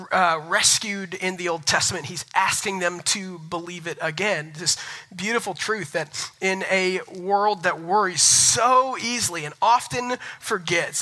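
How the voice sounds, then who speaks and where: A young man preaching a sermon as pastor, telling stories with animated, rising energy. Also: sits high, rough recording. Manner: animated storytelling, rising loud when excited.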